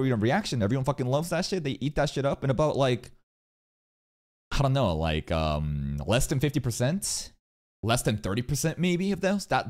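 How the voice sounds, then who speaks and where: A man reacting to a video with casual commentary, animated and profane, rambling with many fillers. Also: medium pitch. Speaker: reaction streamer.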